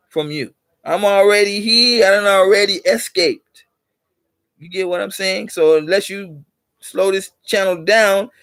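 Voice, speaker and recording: An American channel host with a high, slightly bright voice preaches to the camera in a motivational vlog, recorded dry and close with no room echo. He's insistent and repetitive, hammering his points and spinning small allegorical stories to make them.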